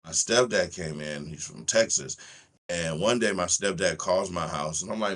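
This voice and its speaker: A man's voice: low voice, moderate pace, a bit bright. A middle-aged man chatting on a podcast, telling family stories with laughs and many fillers. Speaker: guest, parent. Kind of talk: casual podcast chat.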